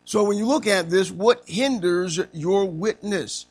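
A man preaching an interactive sermon to a class, asking the room questions and acting out stories with slow, emphatic delivery. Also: high voice.

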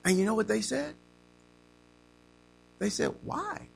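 A man preaching an interactive sermon to a class, asking the room questions and acting out stories with slow, emphatic delivery. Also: high voice, creaky, slight background noise.

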